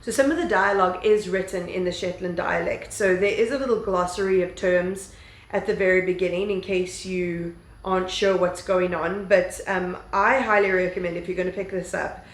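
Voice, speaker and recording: A woman's voice: lowish voice, reverberant, low-quality recording. A woman chatting casually as she reviews books on her vlog, rambling with lots of fillers and the odd swear word. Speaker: book vlogger. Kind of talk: casual book review chat.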